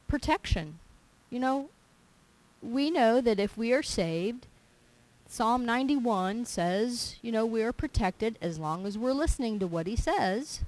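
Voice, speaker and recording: A woman with a voice on the high side delivers a church testimony sermon, telling stories as an emphatic, animated storyteller who acts out the dialogue. The audio is poor.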